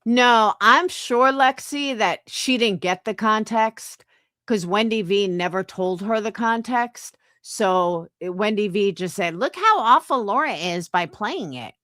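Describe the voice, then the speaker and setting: A fired-up woman host talks on her livestream. Her voice is bright and swoops up and down a lot. She swears freely and defends herself, and the sound is dry. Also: medium pitch, expressive, measured pace, no room sound. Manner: profane, defensive, angry. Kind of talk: heated casual chat.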